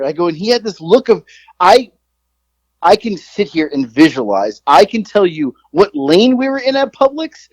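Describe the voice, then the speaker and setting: Man, forties, podcast co-host, rambling, profane, self-mocking, slightly high voice, dry close sound. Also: big pitch swings, moderate pace, a little mellow, no room sound, rough recording. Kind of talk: casual storytelling.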